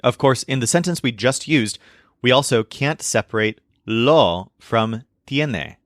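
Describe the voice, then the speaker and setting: Lively, dry-voiced male language teacher. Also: medium pitch, no room sound. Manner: clear explanatory delivery, slows down for example phrases. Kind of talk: scripted lesson narration.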